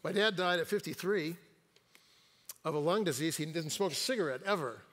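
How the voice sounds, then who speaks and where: In a church sanctuary, a retired pastor in his sixties gives a sermon as a guest speaker. His voice sits on the high side, with lively intonation, a moderate pace and a fairly bright tone, and the sound carries the feel of a big room. He tells personal stories, adding quips and the occasional hesitation.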